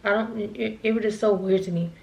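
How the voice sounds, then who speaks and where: A woman's voice: medium pitch, steady tone, a little fast, vocal fry, a little mellow, a little hiss or hum. A young woman vlogger telling a casual storytime, rambling and repeating herself, laughing at herself now and then.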